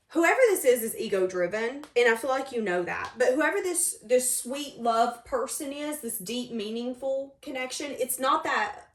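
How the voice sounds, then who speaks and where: A woman giving a tarot reading to camera in an emphatic, animated way. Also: a little high. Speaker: tarot reader. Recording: roomy echoey room.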